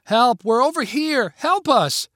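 A woman's voice: low-pitched, lively intonation, moderate pace, dry recording, clean studio sound. A man voicing a wry, sarcastic young woman. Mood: yelling. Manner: sarcastic, then yelling.

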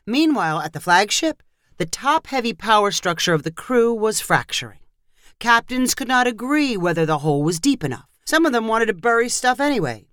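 Woman narrator, animated story reading, dry close mic. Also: medium pitch, no echo.

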